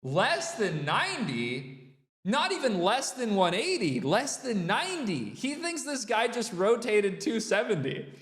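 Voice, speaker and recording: A man's voice: very high voice, big pitch swings, unhurried, few pauses, roomy sound, long reverb tail. A man hosting a reaction show, exasperated and incredulous, swearing and laughing as he picks apart a referee's calls. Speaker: host reacting to a skate video. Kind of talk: reaction commentary.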